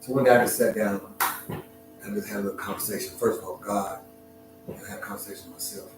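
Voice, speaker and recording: A middle-aged man opens up in an emotional, reflective personal story, halting and restarting as he searches for words. His voice sounds distant from the mic and rings around a very echoey room, with clear music playing behind him. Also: on the low side, steady tone.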